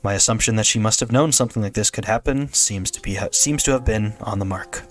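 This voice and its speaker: A man with a lowish voice narrating a visual novel for his stream, steady and plain, close on a desk mic. Faint music plays softly under his reading. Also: fast talker, hardly any pauses. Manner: steady first-person narration with small restarts.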